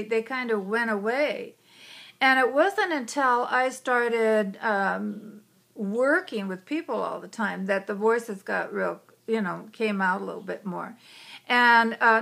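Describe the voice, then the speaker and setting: Woman storyteller, chatty and informal, gravelly creaky voice, slightly high. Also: a bit bright. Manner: chatty, frequent "you know", drops to a whisper for quotes. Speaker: psychic hypnotist telling a personal story. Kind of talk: conversational storytelling.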